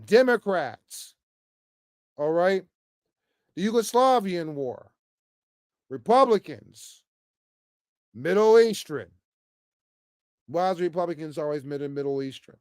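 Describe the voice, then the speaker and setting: A man's voice: fairly high pitch, animated, slow, long pauses, a little mellow, smooth, no room sound, studio quality. Emphatic man ranting with constant stammers. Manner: emphatic, repetitive, frequent stammers and "man" tags. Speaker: political commentator vlogger. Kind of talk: off-the-cuff political rant.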